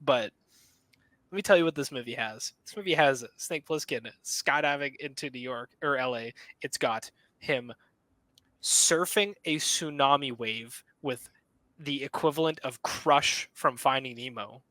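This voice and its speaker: A young man on a casual film podcast, his voice bright and forward. He talks excitably, swears freely and laughs as he retells scenes, recorded dry and close. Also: medium pitch, measured pace, no echo, rough recording. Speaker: podcast co-host.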